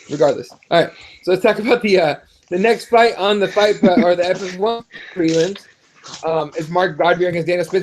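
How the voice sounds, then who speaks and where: A man hosting a casual fight-preview show, animated and swearing freely as he rants. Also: sits high. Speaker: podcast host. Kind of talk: profane casual fight talk.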